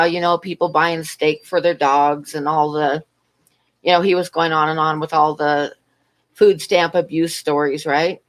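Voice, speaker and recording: A woman's voice: sits low, fairly even intonation, moderate pace. A middle-aged woman rambling through a story on her livestream and answering chat in between. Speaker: livestream host.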